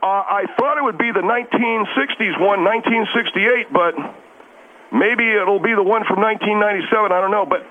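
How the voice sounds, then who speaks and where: A man's voice: sits high, brisk, close to an everyday voice. A man voicing a nervous, bumbling male phone caller who stumbles over his words and fumbles names. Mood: flustered. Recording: tinny phone line, faint hiss.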